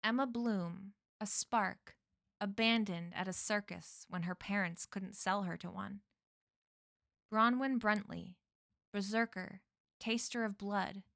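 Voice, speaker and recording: A woman's voice: medium pitch, creaky, a bit bright, dry recording, clean studio sound. A woman voicing a mocking, sinister shape-shifter. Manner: taunting, relishing, switches between put-on accents. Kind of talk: reading a novel aloud.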